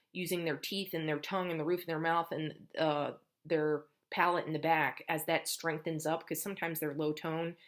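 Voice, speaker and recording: A woman speech teacher explaining patiently to parents, step by step, how to build a child's language at home. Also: low-pitched. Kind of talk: instructional lesson for parents.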